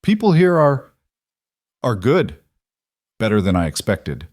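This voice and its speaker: A man voicing a shy young husband with a raspy, hoarse voice who talks haltingly and repeats his words. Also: lowish voice, huge pitch swings, darkish tone, dry recording, clean studio sound, full character voice. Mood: resolute.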